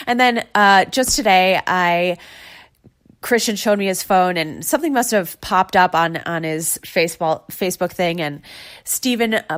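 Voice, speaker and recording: A woman's voice: lowish voice, a bit bright. Gushing chatty woman podcaster. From New York. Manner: chatty, gushing, retells stories with quoted voices. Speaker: podcast host. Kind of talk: casual solo podcast chat.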